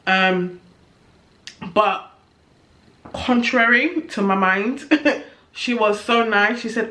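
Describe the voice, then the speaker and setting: A woman's voice: mid-range voice, slow, long pauses, sharp tone. A young woman chatting candidly and with exasperation in a review vlog, laughing at herself now and then. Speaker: vlogger. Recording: echoey room.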